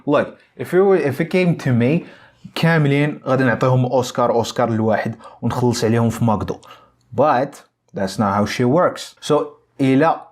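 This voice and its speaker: Excitable man reviewing a film. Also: mid-range voice. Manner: excitable, profane, switching between Arabic and English.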